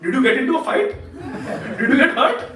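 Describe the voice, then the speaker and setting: A man voicing a cheerful male senior devotee who asks slow, teasing questions in a raised voice. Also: extremely high pitch, a crowd in the background, pitched above the performer's own voice. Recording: roomy hall, distant mic.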